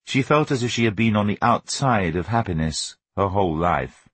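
Husky, expressive male narrator. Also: fairly low pitch, normal speed, no echo. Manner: expressive, wry storytelling with lively shifts in tone. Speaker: audiobook narrator. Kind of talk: scripted narration.

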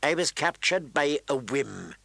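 A man's voice: mid-range voice, very animated, measured pace, creaky, fairly bright tone, breathy edge, dry recording, full character voice. A man voicing a wry, sardonic dwarf nobleman with a dry, drawling delivery.

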